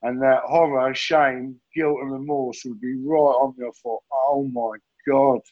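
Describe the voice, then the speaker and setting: A man's voice: mid-range voice, fairly even intonation, unhurried, dull audio. A middle-aged man sharing his addiction recovery story in a rambling, blunt way, swearing and saying mate constantly.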